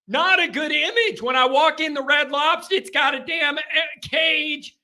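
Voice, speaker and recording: A man in his thirties hosting a call-in sports show, rambling through jokey rants and reading fan comments aloud, with sudden shouts. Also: very high voice, moderate pace, hardly any pauses.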